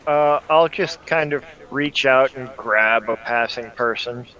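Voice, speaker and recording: A man playing in a tabletop game, speaking slowly and hesitantly. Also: medium pitch, pushed and bright, muffled recording. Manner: slow and hesitant. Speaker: player.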